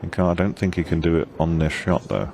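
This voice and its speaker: Very deep-voiced male pool commentator. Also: quick pace, vocal fry, a little mellow. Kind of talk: live sports commentary.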